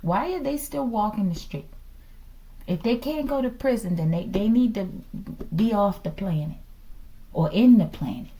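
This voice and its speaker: Animated woman reading tarot cards. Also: medium pitch, moderate pace, pauses often. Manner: animated, calls out "collective" and "okay?" often. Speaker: tarot reader. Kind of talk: casual tarot reading to viewers.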